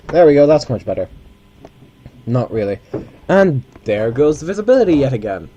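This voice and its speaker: A man's voice: medium pitch, very animated, normal speed, dull audio, background noise. A man giving casual, rambling commentary while playing a flight simulator. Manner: rambling, chatty asides with self-corrections.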